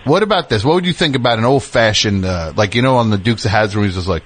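A man's voice: lively intonation, quick pace, hardly any pauses, fairly bright tone. A man hosting a call-in radio show who teases and interrupts his callers. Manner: teasing, interrupting, jumps high in pitch when joking.

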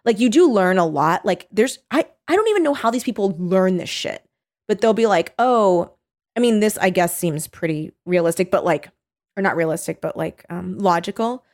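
A woman in casual conversation, retelling a story with lots of fillers and acting out quotes in high voices. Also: lively intonation, moderate pace, a little mellow. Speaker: co-host recounting a reality show. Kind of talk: casual chat.

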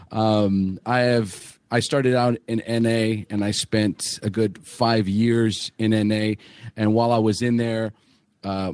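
A man's voice: on the low side, a little mellow, no room sound. A man hosting a podcast on a remote call, joking, swearing and poking fun at himself. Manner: joking, profane, self-deprecating. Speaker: podcast host. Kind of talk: casual podcast chat.

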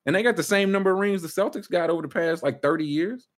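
A man hosting a casual sports talk show, ranting emphatically with sudden jumps up in pitch. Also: fast talker. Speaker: sports podcast host.

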